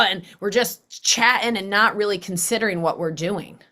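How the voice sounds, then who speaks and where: A woman's voice: medium pitch, brisk, hardly any pauses, sharp tone. A middle-aged woman hosting a podcast, talking casually and animatedly, acting out quoted voices. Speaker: podcast host. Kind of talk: casual conversational interview.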